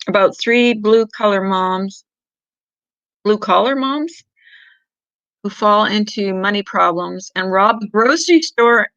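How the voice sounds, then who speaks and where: A woman's voice: mid-range voice, expressive, slow pace, pauses often, fairly bright tone, no room sound. A middle-aged woman hosting a casual livestream, chatting with viewers in a rambling way and laughing often. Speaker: livestream host. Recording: dull lo-fi sound.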